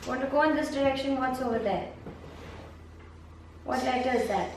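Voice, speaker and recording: A patient woman teacher coaxing a young student through a map lesson, repeating questions and giving praise. Her voice sits high. She is heard from a distance in a very echoey room with faint background hiss. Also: normal speed, a little mellow. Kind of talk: one-on-one map-reading lesson.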